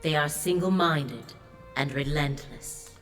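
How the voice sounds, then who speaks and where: A grave, ancient sea goddess speaks in a solemn, commanding way from a video game. Her voice sits very low and heavy. Each word is slow and measured. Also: soft background music. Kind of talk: game voice acting.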